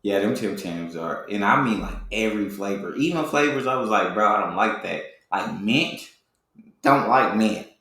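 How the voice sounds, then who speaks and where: A man's voice: lowish voice, lively intonation, moderate pace, bright, forceful tone. A man from the United States giving casual, slangy reaction commentary. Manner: laid-back, chatty, uses slang. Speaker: reaction video host. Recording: very echoey room.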